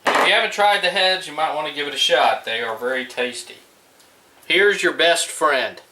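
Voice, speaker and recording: Grilling in the backyard, a Gulf Coast man in middle age chats easily with his audience at a normal speed, his voice on the high side. This home cook vlogger keeps his casual cooking video laid-back and conversational. Sound is picked up from a distance, roomy, with faint noise.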